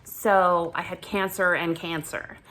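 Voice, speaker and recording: A woman vlogging casually about her own recent ordeal, animated and exasperated, breaking into laughter often. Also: on the low side, takes it slowly, slight background noise. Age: adult with children. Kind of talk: casual storytelling vlog.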